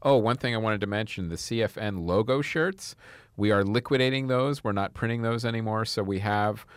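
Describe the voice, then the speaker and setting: Low-voiced, easygoing male podcast co-host. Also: a little fast, clear, resonant tone, dry recording. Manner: easygoing, laughs along. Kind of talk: casual chat and show plugs.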